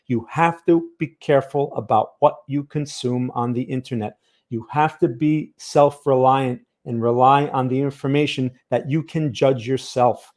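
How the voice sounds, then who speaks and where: A man's voice: medium pitch, moderate pace, darkish tone. A man teaching a casual live chart lesson as a stream host, conversational and often checking in with his viewers. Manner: conversational, keeps checking in with "okay?" and "right?". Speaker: trading educator and livestream host.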